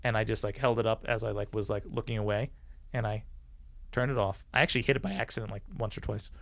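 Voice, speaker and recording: A man with a gravelly, creaky voice recounts a story as a podcast guest. He is animated and acts out the people he quotes, with frequent swearing. The sound is dry and close, with no room echo. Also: lowish voice, quick pace. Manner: swears freely. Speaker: podcast guest, former police officer. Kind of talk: casual storytelling.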